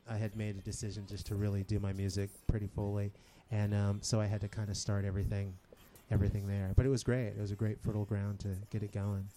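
A man with a low, warm, mellow voice chats about his music in a loose, rambling way. He hesitates, restarts and laughs a lot. A faint hum of room noise sits behind him. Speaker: musician guest. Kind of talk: casual radio interview.

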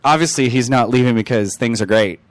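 A man's voice: medium pitch, fairly quick, dry recording. A man co-hosting a community radio music show, bantering and joking, sometimes putting on silly voices. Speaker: radio co-host.

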